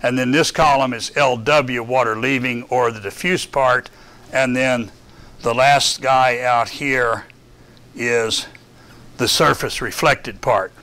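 A man running a lab session, explaining a data file while thinking aloud, halting with many fillers. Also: mid-range voice, fairly even intonation, bright, forceful tone, clear, resonant tone. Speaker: lab instructor. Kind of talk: classroom lab walkthrough.

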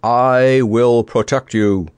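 A man voicing a grand, lusty old knight who speaks slowly and booms his words in a storybook reading. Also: wildly swooping pitch, no echo, heavily acted. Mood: booming. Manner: slow, booming, pompous.

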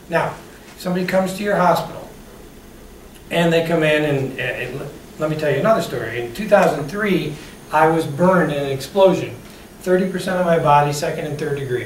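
Man telling stories in an echoey hall. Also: fairly high pitch. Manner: storytelling, questions the audience. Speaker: speaker on customer service. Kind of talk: motivational talk to an audience. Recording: echoey room, distant mic, faint hiss.

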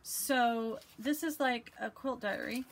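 Lady chatting away about her quilts, excited, lots of ums. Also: fairly high pitch, slow pace, a little hiss or hum. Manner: chatty, enthusiastic, many fillers and restarts. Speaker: quilting vlogger. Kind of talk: casual show-and-tell chat.

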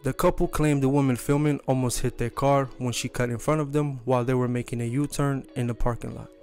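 A man giving scripted narration that introduces video clips in a flat, even read. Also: mid-range voice, brisk, faint music behind. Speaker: compilation narrator.

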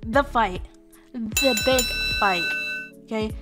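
A woman's voice: fairly high pitch, takes it slowly, over loud music. A woman telling a history story in a casual, comic way, irreverent and profane, with lots of fillers. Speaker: history storyteller, virtual streamer.

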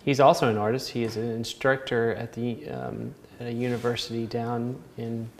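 A man's voice: mid-range voice, little pitch movement, normal speed, a little hiss or hum. A man with a Southern American accent, a painting instructor chatting casually while he paints, rambling and laughing often.

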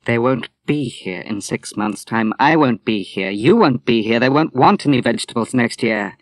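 A man's voice: medium pitch, animated, normal speed, no room sound, studio quality, lightly acted. A man voicing a bold, outspoken young Australian woman in a storybook reading, with a teasing, blunt manner. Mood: brash.

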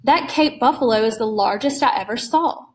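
A woman's voice: a little high, moderate pace, darkish tone, natural voice. A woman reading aloud and voicing a polite, curious male guest who is a hunter.

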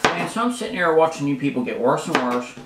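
A man's voice: a little high, very animated. Frustrated guy rambling while cooking breakfast, roomy kitchen, mic kinda far off. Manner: frustrated, rambling, halting with many fillers. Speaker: vlogger. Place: home kitchen. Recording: echoey room, mic far off, loud kitchen noise. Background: dishes, pots, pans and drawers clattering.

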